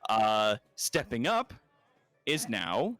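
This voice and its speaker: A man narrating a tabletop role-playing game as game master, often pausing on fillers. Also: medium pitch, no echo. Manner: lively, hesitant with fillers.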